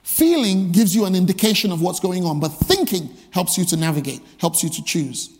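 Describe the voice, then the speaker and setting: A man's voice: high-pitched, animated, a little fast, long reverb tail. A male pastor preaching a sermon, emphatic and full of rhetorical repeated questions.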